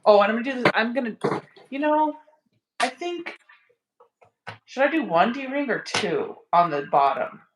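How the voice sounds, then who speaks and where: A woman chatting while she sews, explaining her steps with excited giggles. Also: fairly high pitch, normal speed, long pauses, roomy sound, noisy background. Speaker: guest sewing along.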